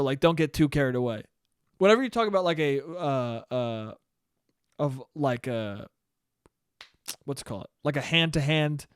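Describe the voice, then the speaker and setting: A young man hosting a solo podcast, telling a story in a ranting, profane, animated way. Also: sits high, no room sound, clean studio sound. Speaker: podcast host. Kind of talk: solo casual monologue.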